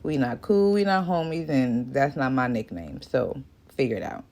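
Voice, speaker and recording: A woman's voice: very deep voice, animated, normal speed, a little mellow. A woman hosting her own channel, talking earnestly and emphatically to camera. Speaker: channel host. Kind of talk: direct-to-camera commentary.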